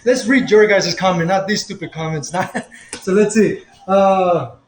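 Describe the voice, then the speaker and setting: A man's voice: high-pitched, a little slow, roomy sound, poor audio. A man hosting a casual livestream, chatting in a rambling, self-correcting way while drinking a beer. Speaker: livestream host.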